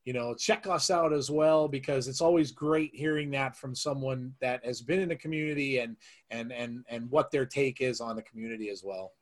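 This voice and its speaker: A man's voice: medium pitch, moderate pace. A man hosting a podcast in casual chat, easygoing and affirming, laughing a lot. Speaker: podcast host.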